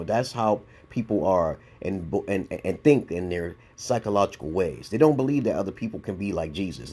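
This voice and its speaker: New york guy in his 40s ranting on a vlog, blunt and profane, kinda low voice, keeps saying okay. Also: mellow, husky. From Brooklyn, New York. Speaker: YouTube commentator. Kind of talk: casual response-video rant.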